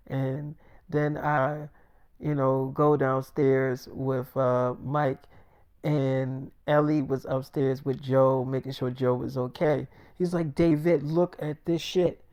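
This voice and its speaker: A man's voice: medium pitch, smooth. Rambling casual male storyteller. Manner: rambling, with many fillers and profanity.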